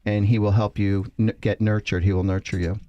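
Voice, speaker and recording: A man's voice: fairly low pitch, level tone, brisk, mellow, muffled recording. A man with a New Jersey accent, a psychic guest on a radio talk show, talking in an effusive, rambling, spiritual way. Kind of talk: casual radio chat.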